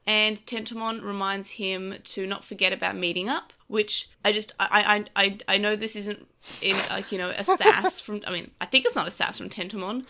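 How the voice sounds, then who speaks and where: A woman co-hosting a casual podcast in a bright, forward voice at an ordinary pitch. She rambles through her stories, stacking up fillers and restarts. She is recovering on painkillers after a car crash. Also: normal speed, hardly any pauses. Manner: rambling, filler-heavy storytelling. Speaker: podcast co-host.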